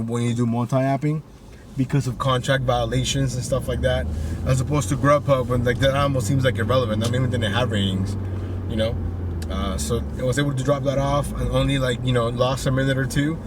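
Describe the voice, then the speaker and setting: A man's voice: medium pitch, distant mic, noisy background. Upbeat chatty man vlogging from his car. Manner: upbeat and chatty, full of "you know" and "like". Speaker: delivery driver vlogger. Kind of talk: casual vlog commentary. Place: inside a car while driving.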